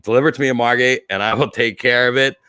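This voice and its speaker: Rapid-fire and fairly even in intonation, this man's medium-pitched voice is sharp, clear and resonant, recorded at studio quality with no echo. He's at home ending his casual livestream, rambling and emotional to the point of tears, with frequent fillers and restarts.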